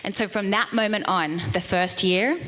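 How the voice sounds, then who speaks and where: A woman gives an energetic, playful motivational talk into a handheld microphone and speaks straight to a live audience. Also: mid-range voice, normal speed, big-room sound. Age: 30s. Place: event room with an audience.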